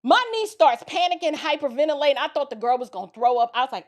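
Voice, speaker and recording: A woman from the Bronx, telling a personal story in a casual, animated way with asides to her listeners. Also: sits high, quick pace. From the Bronx, New York. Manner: animated, dramatic retelling with lots of asides to the listener.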